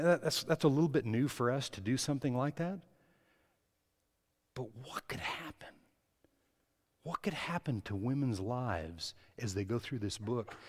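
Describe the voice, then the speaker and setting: A man preaching a sermon as pastor, swinging between soft words and loud, impassioned stretches. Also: medium pitch, long reverb tail. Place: church.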